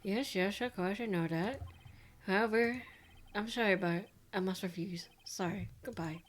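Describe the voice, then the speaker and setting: A woman voicing a pompous, evasive old male lawyer from a video game, stuffy and formal, clearing her throat. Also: mid-range voice, moderate pace, lightly acted. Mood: dismissive. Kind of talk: reading game dialogue aloud.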